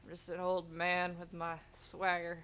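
A woman's voice: lowish voice, completely flat delivery, unhurried, a bit bright, slight background noise. A woman streamer giving casual, chatty gameplay commentary, giggly and self-mocking. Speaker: game streamer.

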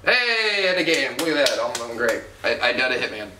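A man casually commenting on a video game as he plays, excitable, swearing, laughing and yelping often. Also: mid-range voice, fairly quick, distant mic. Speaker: let's play host, player. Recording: roomy, somewhat off-mic, faint hiss.

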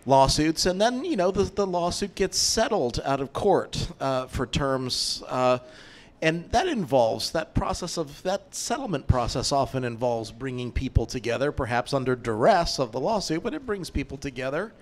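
Guy at a meetup q&a, rambly, lots of uh and um, mid-pitched voice. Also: big pitch swings. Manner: rambling, halting, many fillers. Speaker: lawyer asking questions. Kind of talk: Q&A moderator question.

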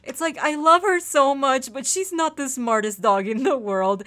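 Gaming creator, female, slightly high-pitched, chatty let's-play talk with pet-cooing asides. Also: normal speed, few pauses, sharp tone. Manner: chatty, coos to her in-game puppy.

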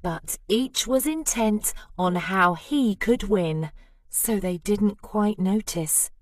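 A woman reading a rhyming children's storybook aloud with lively, expressive narration. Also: mid-range voice, slow pace, no echo, clean studio sound. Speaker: storybook reader.

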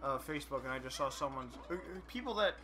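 A man's voice: mid-range voice, expressive, fast talker, bright, forceful tone, soft background music. A young man co-hosting a podcast in casual chat, hesitant, often restarting his sentences with "uh". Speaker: podcast co-host.

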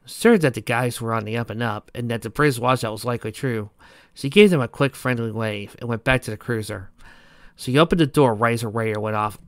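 A man's voice: mid-range voice, fairly quick, fairly bright tone, dry recording. Man reading a story aloud, plain tone. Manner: plain reading with small stumbles. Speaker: narrator. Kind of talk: amateur audiobook reading.

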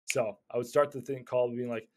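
A man teaching cold calling in a casual, energetic way, often stumbling over and repeating words. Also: mid-range voice, a little fast. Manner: energetic, stumbling repeats, slips into acted phone calls. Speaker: real estate investor teaching cold calling. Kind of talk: casual instructional talk.

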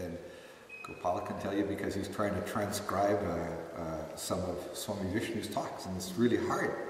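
A man who used to be ashram staff tells a group relaxed, self-mocking stories, with plenty of fillers. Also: on the low side, a little hiss or hum. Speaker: former ashram staff member leading chanting. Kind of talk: storytelling talk to a group. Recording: echoey hall, distant mic.

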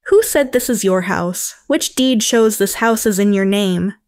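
A woman's voice: mid-range voice, measured pace, darkish tone, no echo, clean studio sound, natural voice. Stern dad demanding the truth, firm and fair, voiced by a woman narrator. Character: stern fair-minded middle-aged father. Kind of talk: storytelling narration.

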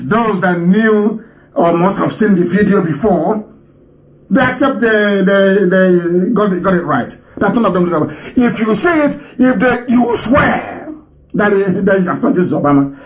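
Animated high-voiced man in live broadcast. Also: rough recording. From Nigeria. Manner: animated, scornful, laughs often, swings between loud and low. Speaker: broadcaster addressing listeners.

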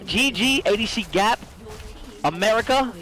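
A man streaming a video game, ranting in a rambling, profane, excitable way, filling his talk with "like" and "literally.". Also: high voice, moderate pace, heavy background noise. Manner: fillers, repeated "like" and "literally". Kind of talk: casual gaming stream chat. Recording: music playing behind voice.

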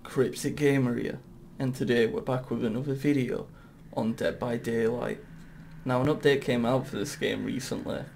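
Young male gaming YouTuber, gravelly voice, excitable and foul-mouthed. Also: mid-range voice, normal speed, slight background noise. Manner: excitable, swears often, talks to the game. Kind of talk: casual gameplay commentary.

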